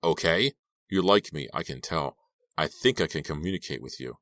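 A man reading an audiobook aloud and voicing a menacing, unstable young man in a low, quiet, eerily calm voice. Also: normal speed, dry recording, clean studio sound, exaggerated voice.

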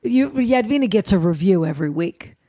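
A woman in casual chat, blunt and bossy, giving quick-witted advice. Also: medium pitch, expressive, dark tone.

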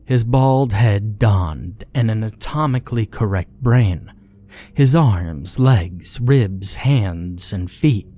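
A man narrating a scary story in a measured, steady delivery. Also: fairly low pitch. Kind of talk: scripted horror story narration.

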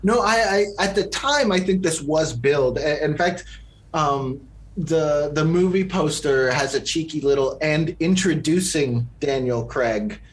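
Chatty man with a higher voice. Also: unhurried. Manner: rambling, lots of fillers and restarts. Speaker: podcast co-host. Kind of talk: casual movie review chat.

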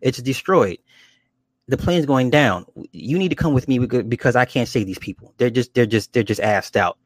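A man's voice: mid-range voice, lively intonation, moderate pace, no room sound, lightly acted. Cold dismissive superhero, voiced by a man. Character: cold arrogant male superhero.

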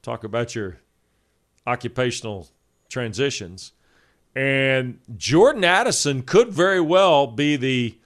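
A man co-hosting sports radio, reading off award facts in a brisk way with dry humor. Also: mid-range voice. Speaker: radio co-host.

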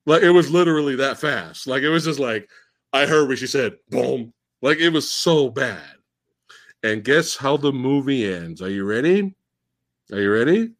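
Animated, profane male podcast host. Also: mid-range voice, normal speed. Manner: animated, profane, mocking plot retelling. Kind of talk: casual podcast film discussion.

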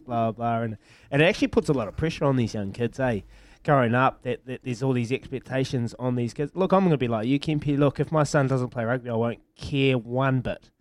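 A man's voice: medium pitch, darkish tone, no room sound. Young New Zealand man, co-host; easygoing, dry close sound. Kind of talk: casual chat.

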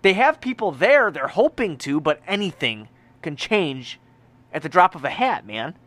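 A man co-hosting a casual sports podcast, profane and animated, often repeating himself. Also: fairly high pitch, normal speed, dry recording. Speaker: podcast co-host.

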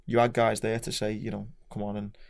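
Fast-talking Scouse man, flat delivery. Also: on the low side, gravelly. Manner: frank, storytelling, dark humour. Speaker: podcast guest, former Royal Marine. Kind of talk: casual chat.

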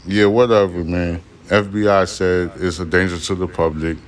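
Male podcast host, very low voice, reads articles aloud and rants with lots of swearing. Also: little pitch movement, moderate pace. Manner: profane, irritated ranting between read passages. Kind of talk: reading news aloud with angry commentary.

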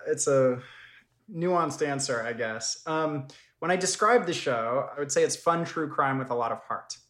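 A man's voice: medium pitch, measured pace, a bit bright, reverberant. A man, a documentary filmmaker, talking through his work in an interview, thoughtful and full of fillers and restarts. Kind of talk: conversational interview.

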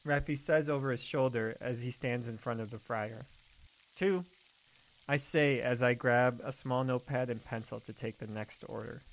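A man narrating a scripted first-person horror story in a steady, measured way. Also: mid-range voice, vocal fry.

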